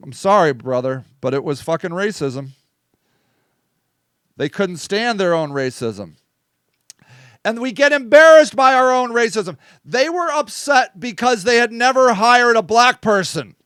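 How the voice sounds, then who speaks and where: A man's voice: high-pitched, animated, measured pace, a bit bright, clean tone, dry recording, clean studio sound. A man hosting a casual live-stream monologue, blunt and swearing, often asking "okay?". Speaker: host.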